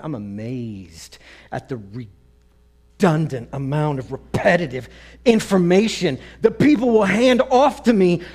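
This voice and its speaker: Male preacher, high voice, lively storyteller who acts out every quote. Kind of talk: storytelling sermon.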